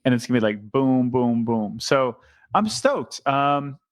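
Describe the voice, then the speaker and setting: A man's voice: mid-range voice, expressive, measured pace, no echo. A man co-hosting a podcast in casual chat, chatty and enthusiastic, joking as he goes. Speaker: podcast co-host.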